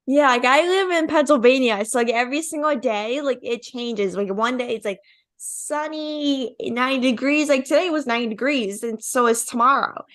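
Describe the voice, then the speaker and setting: A young woman with a high, fairly bright voice hosts a casual podcast interview at a moderate pace. She's chatty and leans heavily on filler words.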